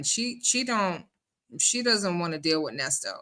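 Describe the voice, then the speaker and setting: A woman's voice: lowish voice, expressive, a little slow, bright, forceful tone. A woman hosting a livestream, chatting casually with her viewers and talking them through call recordings. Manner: chatty, addresses chat as y'all. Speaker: YouTube commentary host. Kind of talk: livestream commentary.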